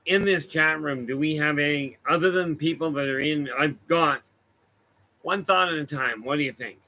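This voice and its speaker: A medium gives a casual talk to a live audience in the room and viewers online, rambling through anecdotes and frequently correcting himself. His fairly high voice is bright and forceful at a normal speed, on a rough recording.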